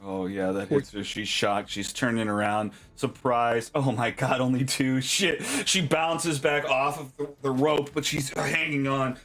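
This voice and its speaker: Animated man running a tabletop game. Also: mid-range voice, measured pace, hardly any pauses. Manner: animated, reacts with laughs and exclamations. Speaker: game master.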